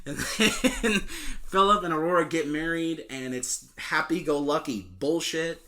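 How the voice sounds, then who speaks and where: Bright-voiced young man recapping a movie. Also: a little high. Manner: swearing, laughing, quick plot retelling with goofy quoted voices. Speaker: podcast co-host.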